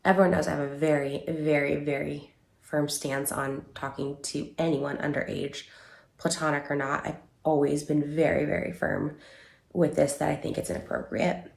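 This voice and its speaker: Low, gravelly woman, halting emotional statement, echoey room. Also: steady tone. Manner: halting, many fillers and restarts. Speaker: online creator giving a statement. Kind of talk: emotional personal statement video.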